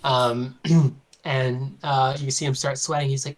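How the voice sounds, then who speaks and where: A woman's voice: rumbling low, fairly even intonation, unhurried. A woman narrating a tabletop game as game master, casual, with many fillers and frequent laughs.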